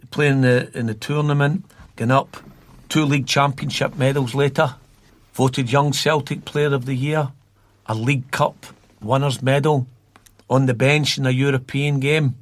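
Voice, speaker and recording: Scottish guy telling old stories, keeps repeating himself, flat delivery, dry sound. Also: mid-range voice, dry recording. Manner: rambling, repeats words while recalling. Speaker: guest from a youth football academy. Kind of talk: storytelling in a podcast interview.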